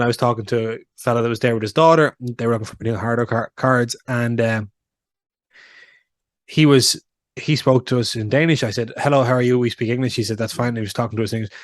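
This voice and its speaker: A man's voice: medium pitch, fast talker, no room sound. Young male podcast co-host, easygoing rambler, mid-range voice, dry close mic. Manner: rambling, storytelling with many fillers. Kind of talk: casual chat.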